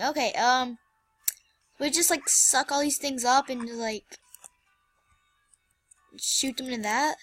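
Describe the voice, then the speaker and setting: High bright excitable young gamer girl. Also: slow pace, pauses often, faint music behind. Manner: excitable, flustered, exclaiming. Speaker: gameplay channel host. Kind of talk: casual let's play commentary.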